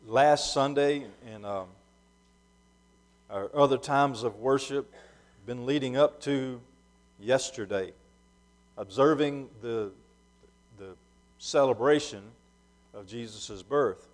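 Delivering a sermon in earnest, a pastor frequently restarts and repeats his phrases. At moments he goes soft and low, then builds to louder, emphatic lines.

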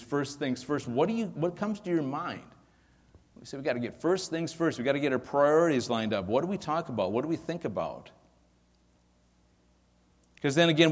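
A man preaching a sermon, earnest, asking rhetorical questions and slowing down to stress scripture verses. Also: medium pitch. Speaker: pastor. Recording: long hall reverb.

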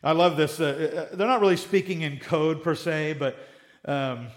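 A man preaching a sermon in a conversational, animated way, acting out little quoted exchanges. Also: fairly high pitch, normal speed.

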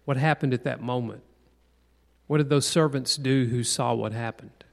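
With long hall reverb around him, a man teaches a Bible class in a conversational sermon style, posing questions to the group and repeating key points for stress. His mid-range voice is steady and creaky, at a moderate pace.

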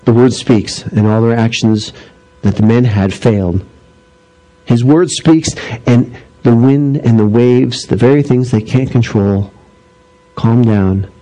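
A middle-aged man preaching a sermon, animated as he tells stories and acts out voices, dropping low and slow for solemn points. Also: rough recording. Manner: animated storytelling, acting out voices. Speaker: pastor.

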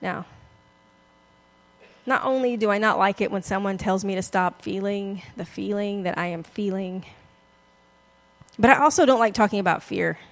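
A woman's voice: medium pitch, moderate pace, long pauses. A woman pastor giving a conversational, self-deprecating sermon, often laughing as she talks.

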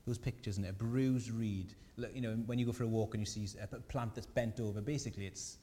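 A man preaching a sermon as pastor, earnest and gentle, his emphasis rising on key points. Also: lowish voice, fairly even intonation, quick pace, in a large hall. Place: church.

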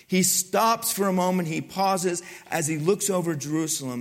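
An older man preaching a sermon, telling stories with asides to his congregation and swinging from loud exclamations to hushed, near-whispered moments. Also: sits high, moderate pace, hardly any pauses. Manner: storytelling, conversational asides to the congregation. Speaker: pastor.

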